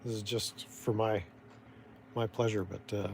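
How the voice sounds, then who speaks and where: A vlogger with a Canadian accent rambles through casual, sardonic commentary, constantly restarting and losing his thread as his thoughts trail off. His voice is fairly low, level and unhurried, creaky with a darkish tone, and there's a little background noise.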